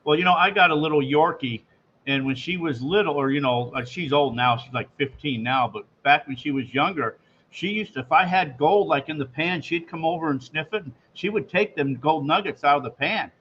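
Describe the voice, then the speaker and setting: An easygoing man chats casually as host of a radio show. His voice is a little high, and it comes through a muffled, lo-fi line with faint hiss behind it. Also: brisk, a bit bright. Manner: easygoing, chatty. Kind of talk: casual chat.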